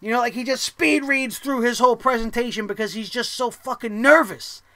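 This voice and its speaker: Guy ranting about wrestling, swears a ton, really high bright voice. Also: a little fast, no echo. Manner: profane, heated, animated ranting. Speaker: wrestling show host.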